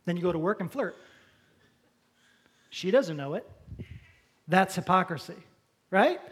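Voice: mid-range voice, lively intonation, husky. Conversational pastor preaching a sermon. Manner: conversational, uses props, slows down for emphasis.

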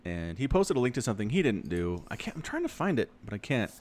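A man in his thirties co-hosting a podcast, chatting casually and animatedly, his voice leaping up when excited. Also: quick pace. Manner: animated, jumps high in pitch when excited. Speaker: podcast co-host.

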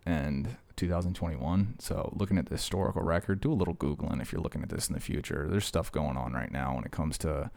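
A man with a low, deep voice talks straight to his viewers in a loose, wandering vlog. He jokes his way from one tangent to the next, like he's chatting with a friend. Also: fast talker, gravelly, few pauses, darkish tone. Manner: joking, digressive storytelling. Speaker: vlogger. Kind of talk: casual rambling monologue.

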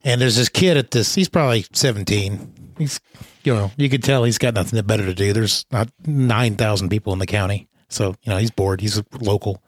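A hoarse man hosting a casual chat who tells stories and restarts his sentences often. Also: lowish voice, fairly quick, no echo, clean studio sound. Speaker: podcast host.

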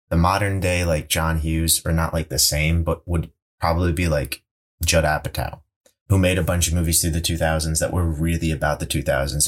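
Low-voiced man rambling in casual chat. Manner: rambling, excitable, swears casually. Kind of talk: casual chat about movies.

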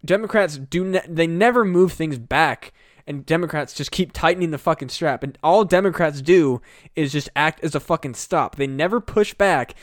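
A man's voice: on the high side, moderate pace, no room sound, clean studio sound. A man co-hosting a casual podcast a few beers in, rambling and swearing through a heated rant. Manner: rambling, profane, animated rant. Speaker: podcast co-host. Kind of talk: casual chat.

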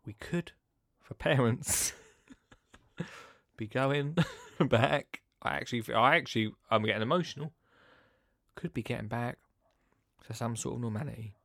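A man hosting a podcast in a rambling, chatty way, swinging between loud bursts and hushed asides. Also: mid-range voice, measured pace, vocal fry, pauses often, dry recording, clean studio sound. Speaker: podcast host. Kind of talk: casual chat.

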